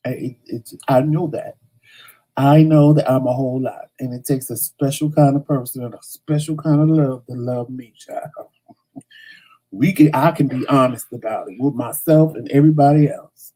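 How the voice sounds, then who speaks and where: Man, talk show host, casual monologue, mellow warm tone, blunt and animated. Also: medium pitch, rough recording. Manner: animated, blunt, rambling with stutters and slang.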